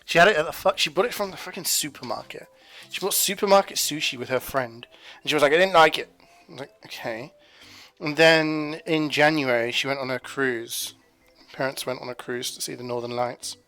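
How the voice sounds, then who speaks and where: A man's voice: mid-range voice, a little fast, pushed and bright, soft background music. A man streaming from his home kitchen, rambling casually to his chat as he cooks. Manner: rambling, chatty, talking to chat while cooking.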